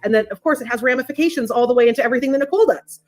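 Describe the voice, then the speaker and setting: A woman's voice: on the high side, rapid-fire, soft background music. A woman analyst in a panel discussion, chatty and lightly joking. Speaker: industry analyst.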